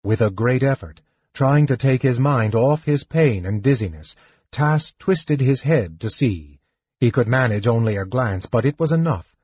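A man narrating a fantasy audiobook in a measured, expressive storytelling manner. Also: medium pitch, slightly rough, no echo. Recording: dull lo-fi dry recording.

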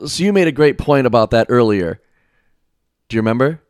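A man's voice: medium pitch, lively intonation, a little fast, a little mellow, dry recording, clean studio sound. A man co-hosting a podcast in casual chat, bantering with frequent laughs and restarts. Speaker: podcast co-host.

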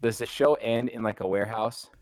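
Podcast host, man, low voice, relaxed and chummy, dry close mic. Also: brisk, dry recording. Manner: laid-back, says "dude" a lot. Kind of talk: casual podcast chat.

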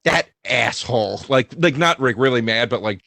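A man telling a story in casual chat, animated and acting out quotes. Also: brisk, dry recording. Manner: animated, acts out quotes in high voices.

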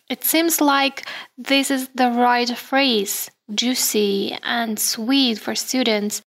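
Slow-speaking woman podcast host. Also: on the high side, a bit bright. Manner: measured, explanatory, addresses listeners as "guys". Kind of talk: solo podcast monologue.

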